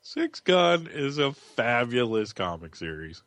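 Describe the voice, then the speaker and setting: A man's voice: medium pitch, very animated, takes it slowly, fairly bright tone, dry recording. A man co-hosting a casual chat about TV and comics, enthusiastic and laughing as he talks. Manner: enthusiastic, laughs while talking. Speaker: podcast co-host.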